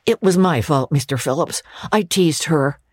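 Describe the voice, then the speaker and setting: A woman voicing an earnest schoolboy who talks in a hushed, sincere way. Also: deep voice, normal speed, husky, no room sound, studio quality. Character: teasing, then contrite schoolboy.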